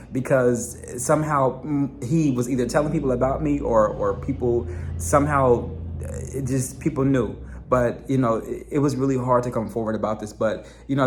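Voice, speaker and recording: Halting, pleading young man with a mellow voice. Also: mid-range voice. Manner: halting, repeats phrases, pleading and insistent. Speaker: documentary narrator telling his own story. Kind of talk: emotional personal testimony.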